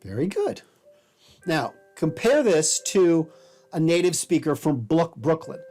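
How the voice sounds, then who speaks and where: A man's voice: fairly high pitch, sing-song, measured pace, dark tone. Male college lecturer, casual and explanatory, self-deprecating, faint music under.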